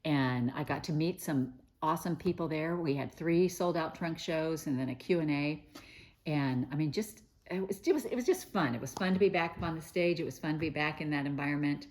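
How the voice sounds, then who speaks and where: A woman's voice: sits low, fairly quick, a little mellow. A middle-aged woman hosting a quilting show, talking in a chatty, gushing way with many fillers and restarts. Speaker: host of a quilting news show. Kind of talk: casual chat to camera.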